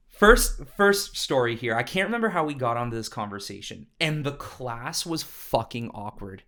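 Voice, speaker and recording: A young man co-hosting a casual podcast, telling high school stories animatedly and swearing freely. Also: lively intonation, measured pace, pauses often, pushed and bright. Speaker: podcast co-host. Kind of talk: casual storytelling chat.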